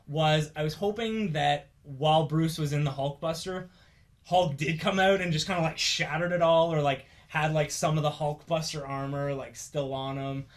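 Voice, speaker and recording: Young male host, slightly high voice, loose rambling chatter with fillers. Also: steady tone, moderate pace. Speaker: podcast host. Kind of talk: casual chat.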